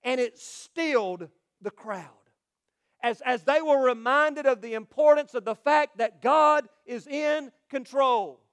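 Male pastor, sermon, very high voice, smooth resonant tone, loud proclamations, quiet asides. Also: slow.

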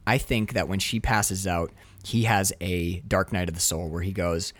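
A man casually discussing a film, acting out scenes with lively quoted voices. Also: deep voice, moderate pace. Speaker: podcast co-host.

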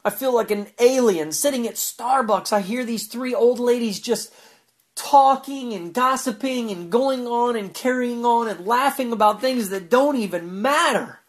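A man's voice: very high-pitched, a little slow. A man pouring out an anguished, fervent spoken prayer, pleading and repeating himself. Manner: repetitive, fervent.

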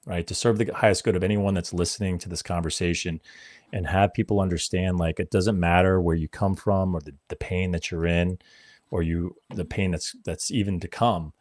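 Deep-voiced guy in his 40s, swearing, acting out quotes, dead dry sound. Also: normal speed, no echo. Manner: animated, swearing, acts out quotes. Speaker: podcast guest. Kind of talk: casual storytelling.

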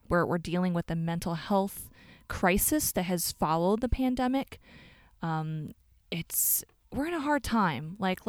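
Woman podcaster, low-pitched, reflective and candid, dry close recording. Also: no echo. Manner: candid and reflective, with frequent restarts. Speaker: podcast host. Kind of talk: solo podcast monologue.

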